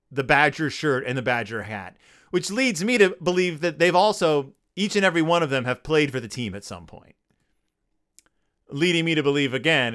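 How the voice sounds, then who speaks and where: A man's voice: mid-range voice, pushed and bright, smooth. A man hosting a comedic podcast, reviewing a children's book with sarcasm and goofy character voices. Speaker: podcast host.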